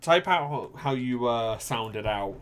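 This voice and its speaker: A man's voice: medium pitch, lively intonation, unhurried, a little hiss or hum. A young man giving casual, joking commentary while playing a game and talking to viewers. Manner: joking, swears freely, talks to viewers. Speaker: gameplay streamer.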